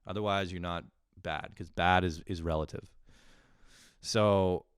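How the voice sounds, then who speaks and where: A young man with a low, smooth voice talks through a loose, profane podcast monologue. He rambles, pokes fun at himself and laughs often. The sound is close and dry. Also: steady tone, unhurried, no echo. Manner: rambling, profane, self-deprecating, with frequent laughs. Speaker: podcast host. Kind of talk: casual solo podcast monologue.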